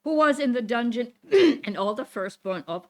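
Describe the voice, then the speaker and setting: Speaking at a moderate pace, a woman with a fairly bright, highish voice and lively intonation leads a Torah lesson for her congregation. The setting is a synagogue classroom, where she reads verses aloud, explains Hebrew terms, and repeatedly asks "Okay?".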